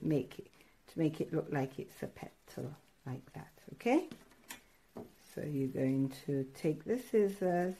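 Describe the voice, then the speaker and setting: A woman art teacher walking children through a craft lesson step by step, encouraging and excitable, pausing often with fillers. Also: low voice, husky. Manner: encouraging, hesitant with many fillers; addresses children directly, excitable.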